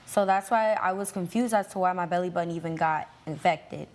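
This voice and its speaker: A woman's voice: lowish voice, a little fast. A teenage girl testifying on a court show, hesitant and full of fillers as she tells her side. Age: late teens. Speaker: litigant's daughter.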